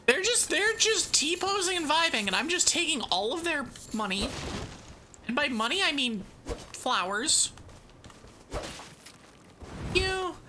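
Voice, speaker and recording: Lively high-pitched woman streamer. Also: takes it slowly, long pauses, a little hiss or hum. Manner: chatty, giggly, self-mocking; thinks aloud while playing. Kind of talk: casual game-stream chat.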